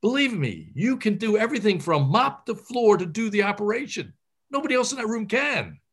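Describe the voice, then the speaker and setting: A man's voice: high voice, sing-song, a little fast, slightly rough. A middle-aged man, a surgeon, gives career advice in an interview, talking animatedly with many fillers and restarts.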